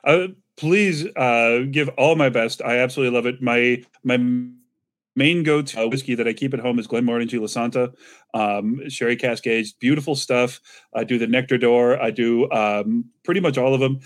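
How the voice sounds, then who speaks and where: A podcast co-host with a mid-range voice and moderate pace banters in a friendly, enthusiastic way during casual podcast chat.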